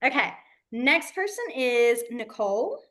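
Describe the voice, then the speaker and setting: A woman's voice: fairly high pitch, very animated, measured pace, a bit bright. A woman teaching a beginners' sign language class in a giddy, chatty, enthusiastic way. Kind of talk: casual class instruction.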